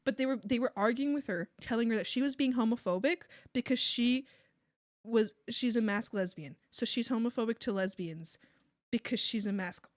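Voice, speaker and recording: Young woman, casual livestream chat, animated, rambling, dry close sound. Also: a little high, normal speed, no room sound. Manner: rambling, animated, swears and laughs often. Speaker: artist streamer.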